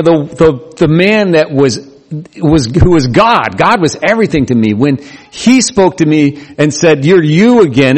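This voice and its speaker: A man preaching a sermon in a conversational, animated way, acting out the voices he quotes. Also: mid-range voice. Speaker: pastor. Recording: long hall reverb.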